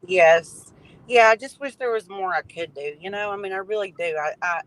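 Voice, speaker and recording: A guest from Tennessee with a Tennessee Southern accent, speaking in a hesitant, halting, earnest way in casual chat. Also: mid-range voice, a bit bright, rough recording.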